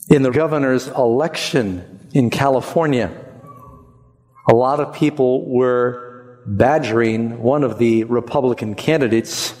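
A man's voice: medium pitch, animated, measured pace, a little mellow. A man preaching a sermon with emphasis, leading the congregation in repeating phrases. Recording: long hall reverb.

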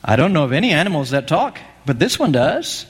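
A man's voice: on the high side, sing-song, a little fast, husky, long reverb tail. A man preaching a sermon, telling a story with animation and acting out the lines he quotes.

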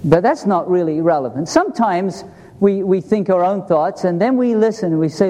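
A man's voice: high-pitched, expressive, normal speed, warm tone. A middle-aged man preaching a sermon in a church, earnest, asking the congregation questions as he talks. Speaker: pastor. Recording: long hall reverb.

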